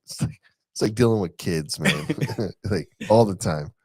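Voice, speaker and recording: A man's voice: deep voice, measured pace, darkish tone, slightly rough. A man co-hosting a barbecue podcast, joking and laughing in casual chat. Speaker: podcast co-host.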